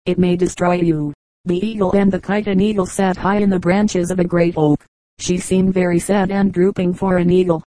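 Female audiobook narrator, fables. Low, dark tone, measured pace, dry close sound. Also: level tone, no echo, low-quality recording.

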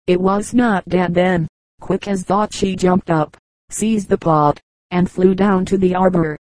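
Lady reading a storybook aloud, mellow dark voice, dry close sound. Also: on the low side, no echo, poor audio. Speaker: audiobook reader. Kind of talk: storybook narration.

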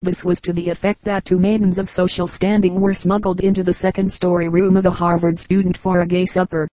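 A woman reading a book of humorous anecdotes aloud as an audiobook narrator, in a measured, even storytelling delivery. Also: fairly low pitch, no echo, low-quality recording. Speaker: audiobook reader. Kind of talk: scripted narration.

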